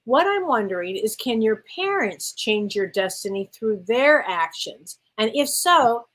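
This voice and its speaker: A woman co-hosting a casual chat show, telling stories in an animated, laughing way. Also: fairly high pitch, a little slow, poor audio. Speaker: co-host, psychic. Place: rural home.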